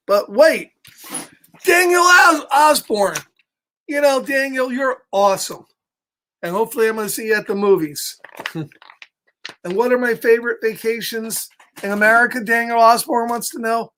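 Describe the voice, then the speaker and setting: A man's voice: very high-pitched, moderate pace, long pauses, pushed and bright. A man reading a picture book aloud to children, playful and chatty, chuckling often and greeting listeners by name. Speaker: children's storytime reader.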